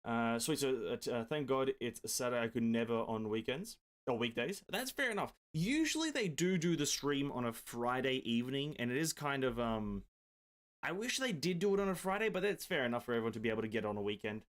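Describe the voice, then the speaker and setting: A gaming streamer chats casually from his home desk during a live stream, answering viewers and joking around with the odd swear word. His medium-pitched voice is animated and a little fast.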